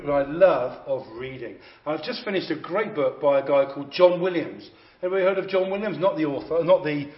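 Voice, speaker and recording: A man preaching a sermon, emphatic and repeating phrases for effect. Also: a little high. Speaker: visiting preacher. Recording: echoey, slightly dull hall recording.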